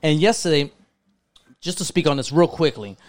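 A young man hosting a casual podcast, jokey and quick to argue with his co-host. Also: fairly high pitch. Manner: excitable, argumentative, jokey.

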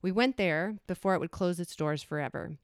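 A woman in her forties reading a personal essay aloud in a reflective, measured way. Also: fairly low pitch, clear, resonant tone, no echo, clean studio sound. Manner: reflective, measured reading with brief acted quotes. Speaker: storyteller.

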